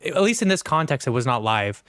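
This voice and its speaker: A man's voice: mid-range voice, very animated, a little fast, fairly bright tone, dry recording, clean studio sound. A man co-hosting a podcast, chatting casually and ranting heatedly with lots of swearing. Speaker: podcast co-host. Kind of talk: casual chat.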